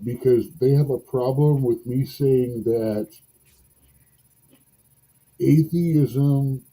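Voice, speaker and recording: A man chats on a podcast, drifting from argument into a folktale and joking at his own expense. His voice is very dark and mellow with a husky grain, and he takes his time. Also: mid-range voice, fairly even intonation, extremely slow, low-quality recording. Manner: musing, rambling, self-deprecating. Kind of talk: casual podcast conversation and storytelling.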